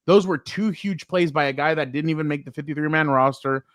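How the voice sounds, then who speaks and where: Man, sports host, casual chat, fairly high-pitched, animated storyteller, filler-heavy, dry. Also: brisk, no echo.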